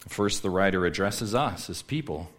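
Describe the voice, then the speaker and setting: Emphatic low-voiced male preacher. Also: animated, moderate pace, a bit bright. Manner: emphatic, repeats key words, asks the congregation questions. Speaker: pastor. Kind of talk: sermon.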